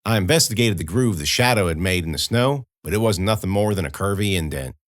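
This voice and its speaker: A man's voice: sits low, animated, quick pace, no echo, clean studio sound. A man narrating a horror audiobook in the first person, telling it in a folksy, conversational way.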